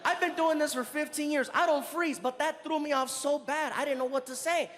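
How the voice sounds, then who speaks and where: A middle-aged man doing stand-up, telling a story in an animated way. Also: very high voice, fairly quick. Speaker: stand-up comedian. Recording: live venue with long reverb.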